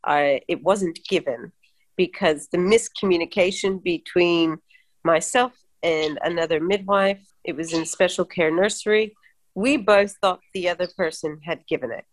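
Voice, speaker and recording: A woman who works as a midwife, chatting casually and telling work stories in an expressive, animated way. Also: lowish voice, a little slow. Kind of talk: casual chat.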